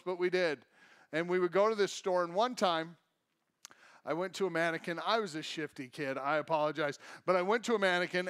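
A man's voice: on the high side, a bit bright, clean tone. A man preaching a sermon as a pastor, telling stories and acting out the voices of people in them. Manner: storytelling, acts out quoted voices. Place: church sanctuary.

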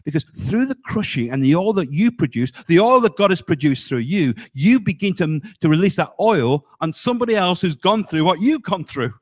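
Lively-pitched preaching pastor, a man. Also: moderate pace, hardly any pauses. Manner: emphatic preaching, dropping low on key words; asks the congregation rhetorical questions. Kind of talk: sermon.

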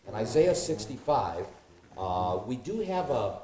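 In a Bible study discussion, a man reads scripture aloud and muses, hesitating with many fillers while joking and laughing. His medium-pitched voice is warm and sing-song, a little slow, and the recording is reverberant.

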